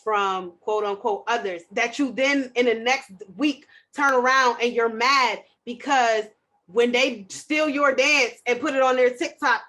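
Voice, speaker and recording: A woman hosting a podcast, talking in a loud, passionate way. Her voice sits a little high and sounds bright and forceful. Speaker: podcast host. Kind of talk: casual chat.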